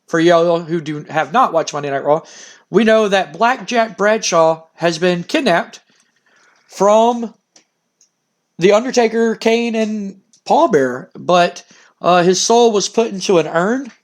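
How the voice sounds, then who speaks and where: A man with a high-pitched voice narrating his wrestling sim, rambling casually and retelling the action. He keeps a loose, chatty flow. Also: takes it slowly. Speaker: game commentator.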